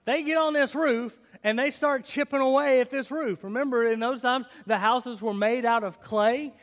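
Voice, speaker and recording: A man preaches a sermon, telling the story dramatically, questioning his listeners, and shifting between loud and hushed delivery. His voice is very high-pitched at a normal speed, and the long reverb of a large hall surrounds it.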